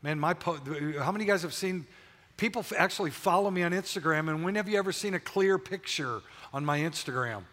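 A man's voice: high voice, quick pace, fairly bright tone. An older man preaching a sermon in a large church, telling his story candidly with frequent restarts. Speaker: pastor. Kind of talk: sermon with personal testimony. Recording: long church hall reverb.

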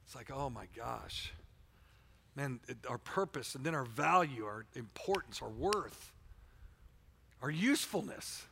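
A man whose voice sits high with a fairly bright tone preaches fervently as pastor in a church sanctuary. He restarts phrases again and again and calls out listeners by name.

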